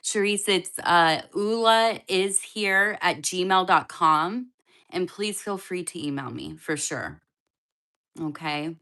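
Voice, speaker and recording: Taking it slowly, a woman with a fairly low voice and a sharp tone does tarot readings on a live stream. Her talk is loose and casual, aimed straight at viewers as she answers the chat.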